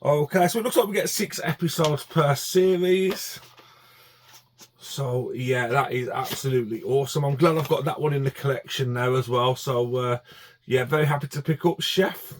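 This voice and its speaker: A man's voice: medium pitch, normal speed, a little hiss or hum. A man chatting casually to camera about his DVD collection, enthusiastic and full of fillers and restarts.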